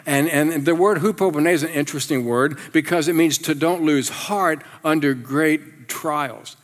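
Middle-aged male pastor, fairly high voice, lively storytelling sermon, church hall with long reverb. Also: a little slow, few pauses. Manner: animated, self-deprecating storytelling with laughs. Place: church sanctuary.

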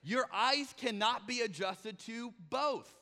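A man's voice: very high-pitched, slow, pushed and bright, long reverb tail. A man preaching a conversational sermon as pastor, often acting out the voices he quotes.

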